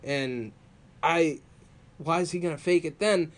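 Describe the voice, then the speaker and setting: Brief: man, slightly raised pitch, chatty storyteller, casual podcast co-host. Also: a little slow. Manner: storytelling, animated, laughs often. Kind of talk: casual wrestling chat.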